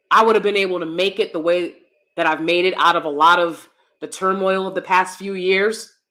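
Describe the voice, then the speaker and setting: A woman, chatting casually and animatedly with her viewers while laughing often, swinging between loud bursts and soft asides. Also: medium pitch. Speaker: channel host. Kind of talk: casual live-stream chat.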